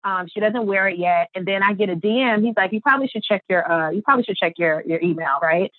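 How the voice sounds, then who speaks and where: A woman guest on a podcast, telling her story in an animated way and acting out the quotes. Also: mid-range voice, fast, dry recording. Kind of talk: storytelling interview. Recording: tinny phone-line sound.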